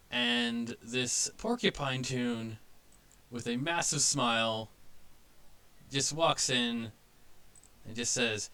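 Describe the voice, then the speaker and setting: A man narrating a tabletop game as game master, halting with frequent fillers and restarts. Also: mid-range voice, pushed and bright, clear, resonant tone.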